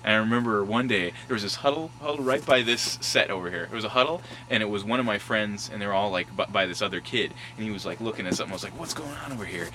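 A man's voice: on the low side, fast talker, few pauses, background noise. A man casually telling childhood stories outdoors at a schoolyard, acting out voices and sound effects and laughing often. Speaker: storyteller revisiting his old school. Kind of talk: casual reminiscing.

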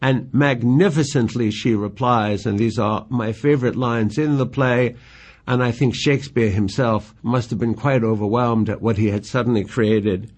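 A man giving a measured, admiring lecture on poetry. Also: mid-range voice, fairly even intonation, darkish tone, breathy edge. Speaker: literature lecturer.

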